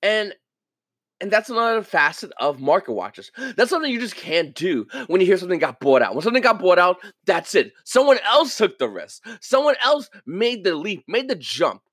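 A man hosting a casual podcast monologue, talking in an animated way and acting out the people he quotes. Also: sits high, moderate pace, slightly rough, no echo. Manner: animated, acts out quoted viewers. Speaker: podcast host.

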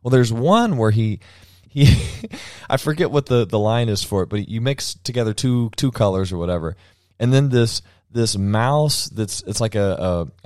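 A man with a lowish voice talks loosely in a casual podcast chat. He rambles, restarts his sentences and laughs often. The recording is close and dry, with no room sound. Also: darkish tone, smooth, no room sound. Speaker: podcast host.

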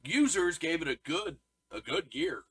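A man's voice: on the high side, very animated, normal speed, a bit bright, breathy edge, poor audio. A man co-hosting a casual podcast, reading out review scores in a dry, matter-of-fact way. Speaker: podcast co-host. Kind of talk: casual movie review chat.

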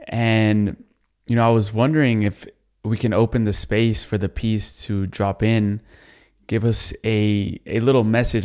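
A man hosting a spiritual interview podcast. He asks questions softly and keeps affirming his guest with admiring remarks. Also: fairly low pitch, clear, resonant tone. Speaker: podcast host.

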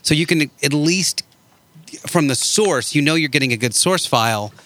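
Bright-voiced inquisitive man. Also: fairly high pitch, animated, moderate pace, no echo. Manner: inquisitive, keeps asking follow-ups. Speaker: podcast host. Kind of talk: casual interview chat.

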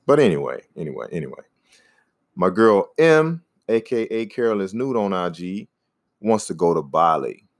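A man hosting a casual podcast, rambling in a laid-back way and giving shout-outs to listeners. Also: low-pitched, sing-song, normal speed, no echo, clean studio sound. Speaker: podcast host; comedian.

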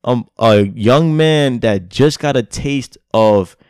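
A man's voice: medium pitch, slow pace, darkish tone, clean tone, no room sound, clean studio sound. A young man co-hosting a podcast in casual chat, speaking in a blunt, profane way. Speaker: podcast co-host.

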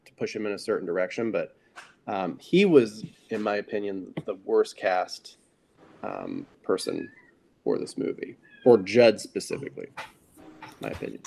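A man's voice: lowish voice, lively intonation, moderate pace, a little mellow. A man in a casual film discussion, speaking hesitantly with many fillers and laughing easily.

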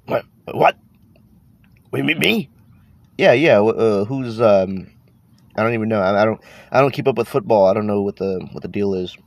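A man's voice: on the low side, moderate pace, vocal fry, long pauses, no echo. A man hosting a casual podcast, talking with a stuffy nose from allergies, tired, rambling and swearing as he trails off. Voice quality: congested, nasal. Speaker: podcast host.

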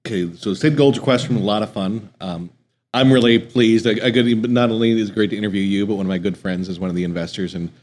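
A man's voice: lowish voice, quick pace, darkish tone. A man hosting an interview, asking friendly questions that often stop and restart. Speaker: interview host. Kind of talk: casual interview.

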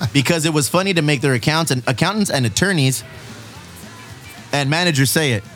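A man's voice: on the high side, normal speed, fairly bright tone, faint music behind. A man in his forties hosting a casual podcast, laughing often, swearing freely and stretching out headlines for emphasis. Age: 40s. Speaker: podcast host.

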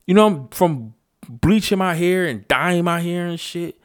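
Delivering a blunt, profane, unscripted rant on a casual vlog, a man drives his points home emphatically and repetitively. He sounds high-pitched and animated but keeps a measured pace. The recording is dry, with clean studio sound.

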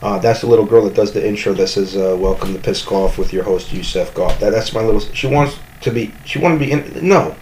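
A man's voice: lowish voice, a little fast, few pauses, darkish tone, a little hiss or hum, low-quality recording. A man hosting a comedy podcast from his home kitchen, rambling with joking bravado and constant self-corrections. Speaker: podcast host.

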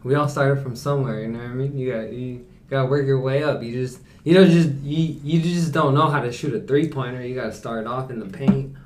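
A man's voice: mid-range voice, steady tone, a little fast, few pauses, darkish tone, echoey room, slight background noise. A man in his twenties guesting on a podcast, joking with crude banter and laughing often. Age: 20s. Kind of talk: casual chat.

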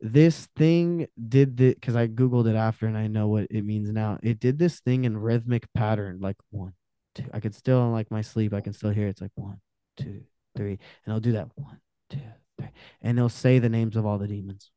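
Brief: male podcast guest, warm smooth voice, casual storytelling, animated and profane. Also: lowish voice, fairly quick, dry recording, clean studio sound. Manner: animated, profane, acts out quotes.

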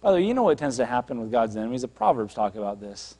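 A man's voice: mid-range voice, very animated, rapid-fire, warm tone, long reverb tail. A man, a pastor, preaching a sermon in a conversational way, retelling a scripture story with acted asides.

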